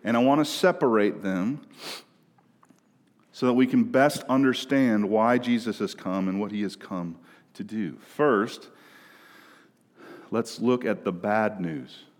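Slow-preaching pastor in a reverberant hall. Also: male voice, on the low side. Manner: emphatic preaching, swings between hushed and raised. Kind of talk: sermon. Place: church sanctuary.

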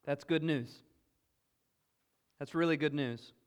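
A man with a Southern US accent preaching a sermon, earnest and emphatic, moving between loud exclamations and hushed asides. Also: fairly high pitch, takes it slowly, clean tone. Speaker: pastor. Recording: long hall reverb.

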